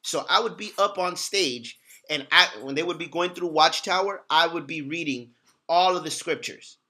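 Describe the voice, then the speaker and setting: A man's voice: on the high side, normal speed, sharp tone. A man hosting a casual talk, speaking earnestly and repeating words for emphasis. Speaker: host. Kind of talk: casual talk about his past.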